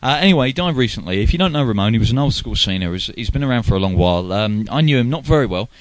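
A relaxed man hosts a hobbyist internet radio show, rambling through the news with a dry, teasing humor. His voice sits at an ordinary middle pitch and is recorded close and dry, with no room sound. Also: racing, dry recording. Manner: joking, loose, self-deprecating with filler words. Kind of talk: casual radio chat.

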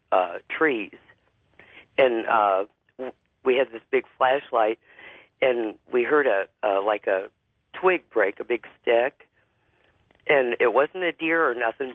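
Deep-voiced guy with a cold calling in, halting and filler-heavy, tinny phone sound, dry. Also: dry recording. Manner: halting, many fillers and restarts. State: has a cold. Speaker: caller. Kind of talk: phone-in ghost story. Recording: phone line.

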